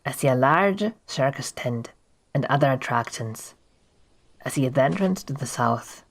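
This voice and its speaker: A streamer casually narrating a text adventure game, reading the descriptions aloud with quick offhand asides. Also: medium pitch, animated, gravelly.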